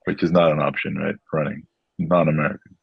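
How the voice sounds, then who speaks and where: A man's voice: rumbling low, steady tone, a little fast, creaky, breathy edge, dull audio. A man co-hosting a casual stream, chatty and wry.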